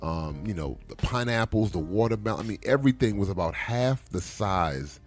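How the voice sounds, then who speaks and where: A man's voice: on the low side, moderate pace, over loud music. A man co-hosting a podcast in casual chat, telling stories and acting out the dialogue in them. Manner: animated storyteller who acts out quoted dialogue. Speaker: podcast co-host.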